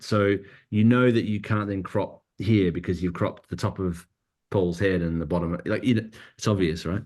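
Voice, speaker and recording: A man with a notably low voice answers interview questions in an easygoing, conversational way. He thinks out loud, doubling back on his words as he goes. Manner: relaxed, thinking aloud with many restarts. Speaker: cinematographer guest.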